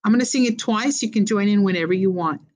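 A woman teaching a beginner Spanish lesson, slowly modeling words and prompting learners to repeat after her. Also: mid-range voice, darkish tone. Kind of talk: call-and-response language lesson.

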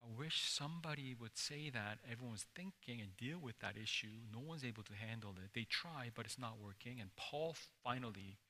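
A man preaching a sermon as pastor, dramatic, swinging between loud emphasis and hushed, near-whispered lines. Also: medium pitch. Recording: long hall reverb.

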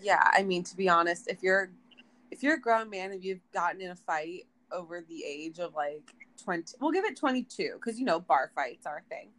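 A woman's voice: fairly low pitch, lively intonation, normal speed, a bit bright, poor audio. A woman co-hosting a podcast in casual chat, wry and blunt, swearing now and then. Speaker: podcast co-host.

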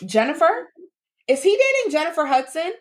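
A woman's voice: high voice, sing-song, a little fast. Blunt joking woman co-host. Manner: blunt and joking, repeats her lines for emphasis. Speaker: podcast co-host. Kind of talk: casual chat.

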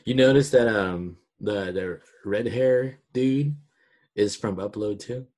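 Chatty man, quick to get excited. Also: fairly low pitch. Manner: excitable, chatty, with many "like" fillers. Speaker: podcast co-host. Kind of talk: casual chat.

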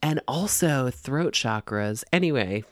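A pastor and visual artist as a podcast guest, chatting in a playful, teasing way with quick asides. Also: medium pitch, animated. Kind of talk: casual conversational interview.

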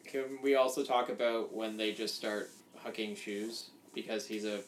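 A man's voice: lowish voice, little pitch movement, normal speed, slight background noise. A man co-hosting a podcast, chatting casually about a horror movie, rambling with lots of "like" and restarts and the odd swear. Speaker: podcast co-host. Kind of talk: casual chat. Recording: roomy echo.

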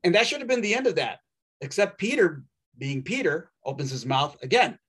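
A man delivers a sermon with a slightly higher-than-usual voice. He preaches in a wry, conversational way, leaning on dramatic pauses and dry asides. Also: very animated, a bit bright, slightly rough.

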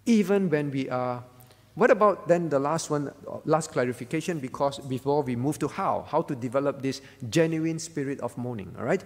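Speaking at normal speed with a fairly high pitch, a male pastor gives a conversational sermon in a church hall with big-room sound. It's a prayer meeting, and he keeps checking in with the congregation by asking "all right?".

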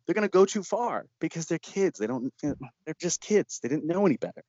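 A man's voice: on the high side, big pitch swings, normal speed, hardly any pauses, a little mellow, no room sound, lo-fi sound. A man who makes horror films, telling stories in an interview with lots of laughter and acted-out voices. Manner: laughs often and acts out quoted voices. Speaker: horror filmmaker. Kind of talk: animated interview storytelling.

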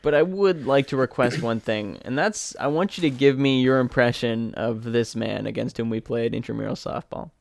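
A man's voice: medium pitch, moderate pace, creaky, hardly any pauses, dry recording. A man co-hosting a casual chat, teasing and prompting with questions. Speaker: podcast co-host.

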